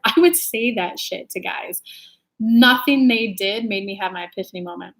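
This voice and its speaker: Chatty, slightly high-pitched woman streamer. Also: normal speed. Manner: chatty and animated, reads viewer comments aloud. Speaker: intuitive reader and channel host. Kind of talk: casual live-stream chat reading comments.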